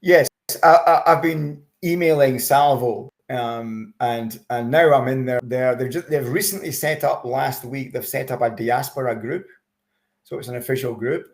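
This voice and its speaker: A man's voice: medium pitch, normal speed. A man from Scotland, a guest in an interview, telling anecdotes in a chatty, hesitant way with many repeated words. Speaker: interview guest, expat campaigner. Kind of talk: casual conversational interview.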